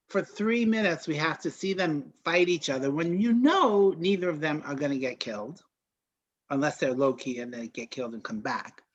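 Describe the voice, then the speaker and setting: A man's voice: on the high side, a bit bright, dull audio. A man hosting a casual movie chat, rambling and joking with many hesitations. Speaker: host.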